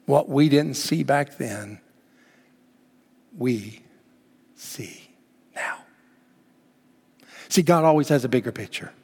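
A man preaching a sermon emphatically, swinging between loud exclamations and hushed words. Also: medium pitch, slow, gravelly, pauses often, slightly rough. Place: church sanctuary. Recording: long reverb of a church hall.

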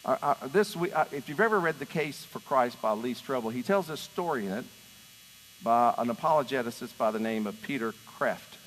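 A middle-aged man, a pastor giving a sermon, who swings between loud, emphatic preaching and low, hushed storytelling. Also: expressive, brisk, a little hiss or hum. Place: church sanctuary. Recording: long reverb of a large church room.

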